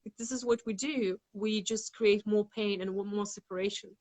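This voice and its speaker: A woman's voice: medium pitch, fairly even intonation, normal speed, darkish tone. A woman guest in a casual spiritual chat, talking frankly with lots of "like" fillers and some swearing. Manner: rambling with many "like" fillers, frank and blunt with swearing; acts out inner voices dramatically. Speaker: guest facilitator.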